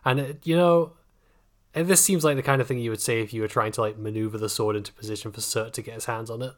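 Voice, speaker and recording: A man's voice: medium pitch, steady tone, fast. Laughing, rambling man on a podcast. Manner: rambling, joking, laughs often, swears. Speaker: podcast co-host. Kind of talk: casual book discussion podcast.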